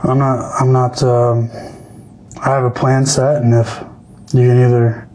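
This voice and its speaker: Hesitant young man, mellow voice. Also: mid-range voice, flat delivery, measured pace, rough recording. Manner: hesitant, many restarts and fillers. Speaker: podcast guest. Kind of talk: casual podcast chat.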